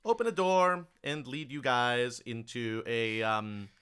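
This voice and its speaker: A man's voice: mid-range voice, slow, sharp tone, clear, resonant tone. A man running a tabletop game as game master, narrating casually and loosely. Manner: casual, loose with fillers and hedges.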